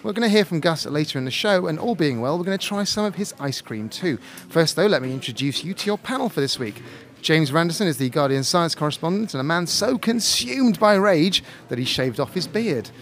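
A man's voice: a little high, lively intonation, a little fast, a bit bright. A man hosting a science podcast from a café, presenting a scripted show with a wry, joking delivery. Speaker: podcast host.

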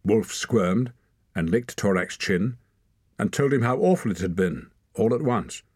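A man's voice: on the low side, lively intonation, unhurried, a little mellow, slightly rough, dry recording, clean studio sound. A man narrating a story as an audiobook reader, reading expressively. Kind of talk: scripted narration.

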